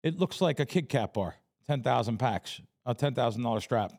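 A man with a medium-pitched voice and moderate pace, a sports bettor by profession from the Bronx, New York, recounts stories in a casual interview. His manner is blunt, his storytelling animated.

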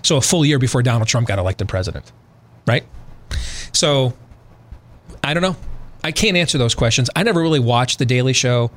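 A talk radio host delivers emphatic, opinionated commentary straight to his listeners. His medium-pitched, fairly bright voice is brisk and lively in intonation, with long pauses.

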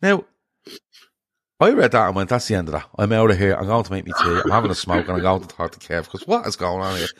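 Lower-voiced man telling a story. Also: quick pace. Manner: animated storytelling with swearing. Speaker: podcast co-host. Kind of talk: casual chat.

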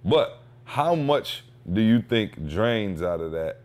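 A man hosting a podcast, telling a casual, slangy story with lively energy and acting out what people said. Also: on the low side, slow pace. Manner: animated storyteller, slangy, acts out quotes. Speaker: podcast host; father.

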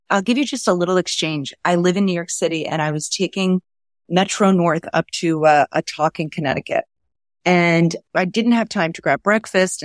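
A woman's voice: on the low side, no echo, clean studio sound. Earnest woman guest telling stories. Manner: earnest, acts out quoted dialogue. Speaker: author guest. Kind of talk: conversational storytelling.

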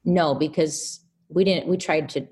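A podcast guest in casual conversation, speaking in a somewhat low register. She tells her story in an animated, chatty way, leaning on fillers as she goes. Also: measured pace, slightly rough.

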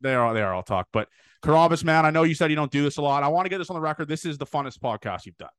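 A man hosting a casual podcast over a video call, excitable and swearing freely as he hypes up his guest. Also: a little high, very fast, clear, resonant tone, no room sound. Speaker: podcast host. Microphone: remote call microphone.

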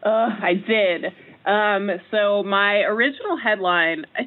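A woman in her twenties, a games reporter, chatting casually and quoting herself with animated lifts in pitch. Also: measured pace. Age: 20s. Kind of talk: casual chat. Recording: tinny phone line.

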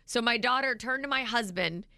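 A woman co-hosting a morning radio show, reading listener texts aloud in an animated, laughing way. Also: fairly high pitch, normal speed, clear, resonant tone, no echo, studio quality. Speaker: radio co-host.

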